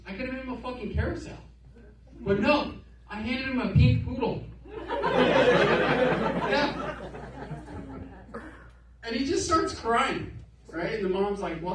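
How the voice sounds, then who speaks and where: A man performing a profane, animated stand-up set on a comedy club stage, telling stories with quick asides while the audience laughs. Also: extremely high pitch, heavy background noise. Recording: roomy club, distant mic, crowd laughter.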